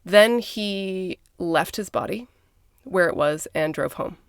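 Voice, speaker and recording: A woman's voice: on the low side, takes it slowly, clear, resonant tone, no echo, studio quality. A woman from Minnesota co-hosting a podcast, telling a true-crime story casually with blunt, conversational asides. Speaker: podcast co-host.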